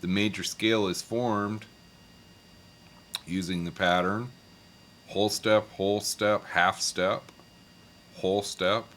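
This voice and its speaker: A man's voice: fairly low pitch, steady tone, slow pace, pauses often. A man teaching a guitar lesson, patiently explaining scales and calling out note names. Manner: patient, talks over guitar, sings note names along. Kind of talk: casual music lesson. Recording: loud guitar playing behind voice.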